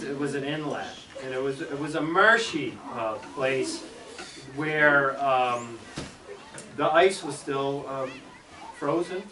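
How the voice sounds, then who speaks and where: A middle-aged man tells a story to a room of children, lively and acting out the sounds he describes. His voice sits a little high for a man. The recording is roomy and distant, with steady noise in the background. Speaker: school superintendent. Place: classroom.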